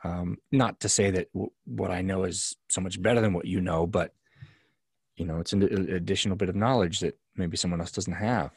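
Low raspy-voiced guy on a podcast, kinda hesitant, dry mic. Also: steady tone, no echo. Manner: halting, searches for words. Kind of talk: casual conversational chat.

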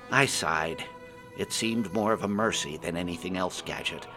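A man's voice: deep voice, moderate pace, music in the background. A man narrating a fantasy adventure in the first person, reading it aloud expressively. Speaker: storyteller.

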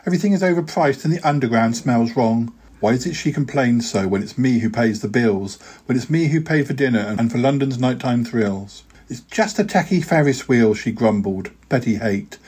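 A man's voice: mid-range voice, darkish tone, husky. A podcast host reading his own rhyming poems aloud in a rhythmic, sing-song way, with hesitant fillers when chatting.

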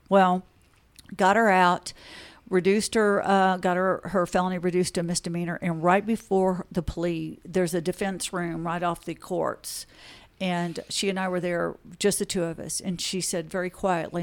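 A woman's voice: fairly low pitch, measured pace. A woman attorney, a podcast guest, telling stories earnestly and acting out the conversations she retells. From Texas, USA. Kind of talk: podcast interview.

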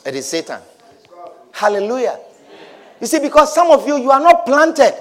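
A man's voice: very high voice, very animated, normal speed, a bit bright. A man pastor preaching a sermon in a church, emphatic and repetitive, calling out to his congregation.

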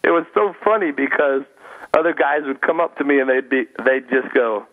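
A man calling into a radio show as a guest, telling stories in an animated, chatty way. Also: medium pitch, normal speed. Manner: animated storyteller, frequent "you know" fillers. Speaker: guest speaker and comedian. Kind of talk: casual radio interview. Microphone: phone call-in. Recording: tinny phone line.

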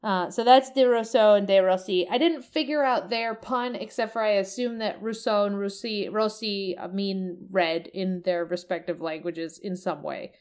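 A woman's voice: mid-range voice, normal speed, few pauses, darkish tone, clear, resonant tone. A woman in casual conversation, describing game characters at length, often searching for words and swearing now and then. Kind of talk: casual chat about a video game.

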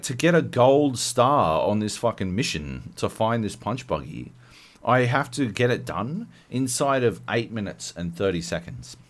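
A man co-hosting a podcast, ranting profanely in casual chat. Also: mid-range voice. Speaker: podcast co-host.

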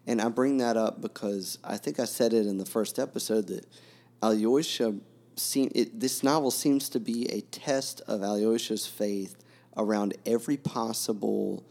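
A man's voice: on the low side, creaky, darkish tone. A man co-hosting a podcast, talking casually about a novel with many restarts and fillers. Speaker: podcast co-host. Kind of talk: casual book discussion.

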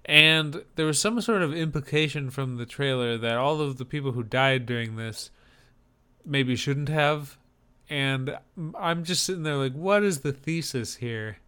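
A man's voice: mid-range voice, measured pace, bright, forceful tone, clean tone. A man from the northern United States co-hosting a casual chat about trailers, rambling and enthusiastic with a joking streak. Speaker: podcast co-host.

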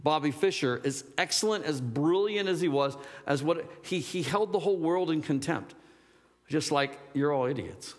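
A man's voice: fairly high pitch, normal speed. A man preaching a sermon, rambling and searching for words, then rising to emphatic fervor. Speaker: pastor. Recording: long hall reverb.

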